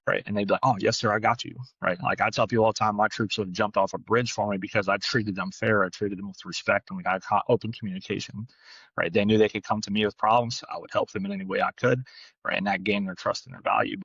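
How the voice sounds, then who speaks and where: A man's voice: fairly low pitch, steady tone, fairly bright tone, slightly rough, dry recording, muffled recording. A man co-hosting a podcast, telling a work story in a blunt, casual way, often tagging lines with "right?" and swearing now and then. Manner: fast, blunt, peppered with "right?". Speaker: podcast co-host, dog trainer.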